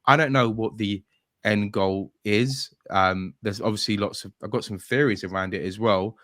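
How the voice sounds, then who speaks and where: A man's voice: fairly low pitch, normal speed, a bit bright, no echo, studio quality. A man hosting a podcast interview, asking questions in a hesitant way with many fillers. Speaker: podcast host. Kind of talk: casual interview.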